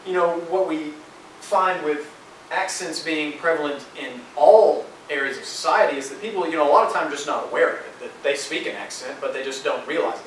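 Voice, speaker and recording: A young man presents to a class in a loose, filler-heavy way, keeping to a middle pitch. He is picked up from a distance in a very echoey room, with faint ambient noise behind him. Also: a bit bright. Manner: informal, many fillers. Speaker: student presenter. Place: lecture room. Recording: echoey lecture hall, distant mic.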